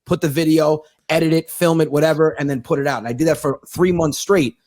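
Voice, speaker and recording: A man in his thirties, a comedian telling stories in a fast, profane, sarcastic casual chat. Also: a little high, steady tone, a little mellow, no echo, clean studio sound. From United States. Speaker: comedian guest.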